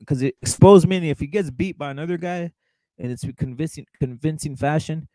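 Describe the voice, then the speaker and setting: A man's voice: on the high side, a little fast, warm tone, no room sound, rough recording. A young man hosting a casual boxing chat show, blunt and profane, repeating himself and calling his viewers brother as he reacts to live chat. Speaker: boxing talk show host.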